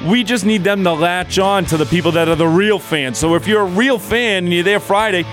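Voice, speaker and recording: A man's voice: high voice, fairly quick, few pauses, a bit bright, soft background music. A man hosting a sports talk radio show, delivering a blunt, opinionated monologue and chuckling as he goes. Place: radio studio.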